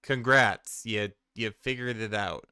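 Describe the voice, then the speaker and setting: Forties male commentator, ranting and swearing in disbelief; bright, forceful voice, very smooth. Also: on the low side, steady tone, slow, no room sound, clean studio sound. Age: 40s. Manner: exasperated ranting, profane. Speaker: commentary streamer. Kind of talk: reaction commentary.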